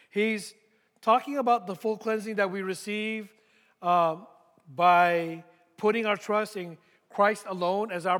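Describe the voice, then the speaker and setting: A high-pitched man delivers a sermon as a pastor, slowing and pausing to drive his points home and repeating them for weight. His voice rings out with a long reverb, as in a large church sanctuary. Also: a bit bright. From United States. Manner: deliberate, repeats key points with emphatic pauses.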